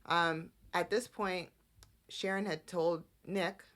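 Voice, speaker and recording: A woman's voice: fairly low pitch, moderate pace. A woman hosting a podcast, chatting casually through a soap opera recap and acting out the characters' lines. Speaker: podcast host.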